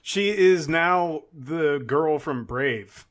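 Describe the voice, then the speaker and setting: A man co-hosting a podcast, adding quick comments in casual chat. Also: on the high side, lively intonation, a bit bright. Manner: quick interjections and laughing asides. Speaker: podcast co-host.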